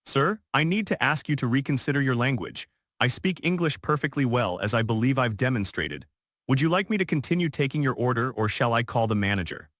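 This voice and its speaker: Brief: male narrator doing a poised young waitress, calm and polite, steady and patient, dry close recording. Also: medium pitch, a little fast, no echo. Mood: polite, composed.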